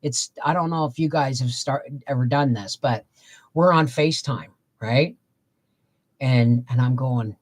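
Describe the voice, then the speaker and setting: A woman's voice: a bass voice, normal speed, darkish tone, breathy edge. An older woman hosting a casual live stream, chatting and answering viewer comments as she reads them out. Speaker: homestead livestream host.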